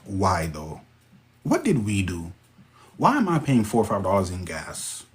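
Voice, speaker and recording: A man with a Jamaican accent hosting a casual livestream, reading viewer comments and breaking into sudden high exclamations. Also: normal speed. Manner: excitable, interjects sudden high-pitched exclamations. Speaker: livestream host.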